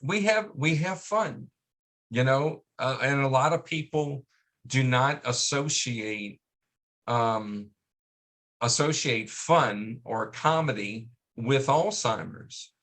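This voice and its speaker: Man on a radio show, talks real slow, stops to hunt for words, dry jokey humor. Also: mid-range voice, fairly bright tone. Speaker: guest. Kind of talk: radio interview.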